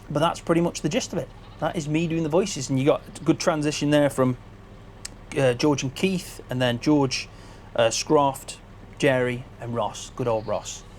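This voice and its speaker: A man's voice: on the high side, measured pace, pauses often, slight background noise. A man on a headset mic, casually chatting behind the scenes as a gaming video creator. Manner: chatty, grateful, loose, with restarts.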